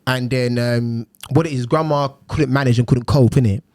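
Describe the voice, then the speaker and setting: A man, a social worker telling stories in casual podcast chat, lively and full of slang. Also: medium pitch, normal speed. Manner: lively storytelling, heavy slang.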